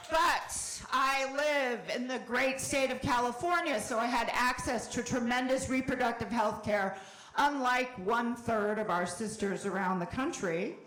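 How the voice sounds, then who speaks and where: A middle-aged woman doing a stand-up comedy set, animated, with sudden shouted bursts and wry asides. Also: a little high, reverberant. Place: comedy club.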